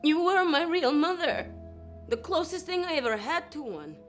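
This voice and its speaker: An actress with a Russian accent playing a wounded young former spy, pleading in film dialogue. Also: female voice, extremely high pitch, lively intonation, normal speed, faint music behind. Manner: pleading, emotional. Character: hurt young woman, former spy sister.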